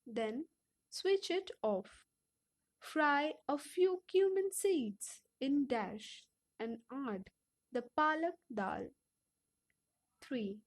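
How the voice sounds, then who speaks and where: A woman with an Indian English accent reading textbook exercises aloud for an audiobook, slow and deliberate. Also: high voice, darkish tone. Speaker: audiobook reader.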